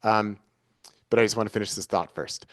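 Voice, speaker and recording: Speaking a little fast in a steady tone, this man with a lowish voice is an interview guest, earnest and searching as he restates his ideas in different forms. The reflective, conversational interview is recorded dry at studio quality.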